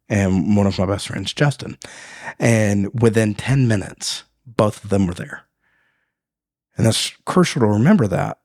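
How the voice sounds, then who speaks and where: A man with a fairly low voice tells a story on a faith podcast in a casual, animated way. He laughs often and acts out the people in his story. The sound is dry and close, with no room echo. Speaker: podcast host.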